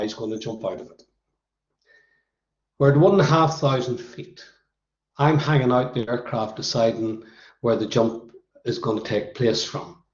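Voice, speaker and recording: A hoarse man, a motivational speaker telling anecdotes to students in a conversational way. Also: mid-range voice, darkish tone, echoey room, highs cut off. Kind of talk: storytelling talk to students.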